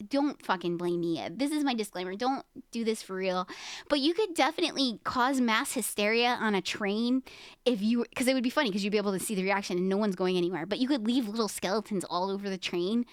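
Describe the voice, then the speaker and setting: A woman's voice: on the high side, a bit bright, dry recording, clean studio sound. A woman streaming and chatting casually with her viewers, rambling and giggling as she talks to chat.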